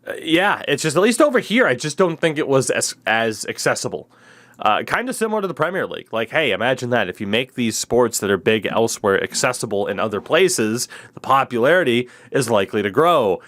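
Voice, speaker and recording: A man's voice: mid-range voice, sing-song, brisk, fairly bright tone. A man hosting a podcast in casual, rambling chat with a sardonic edge. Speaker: podcast host.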